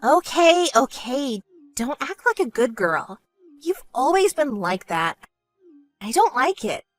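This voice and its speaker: A woman's voice: big pitch swings, takes it slowly, soft background music, exaggerated voice. A woman voicing a bratty, vain young sister. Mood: smug. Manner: smug and whiny, shrill when angry. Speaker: bride-to-be sister. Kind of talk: animated story voice acting.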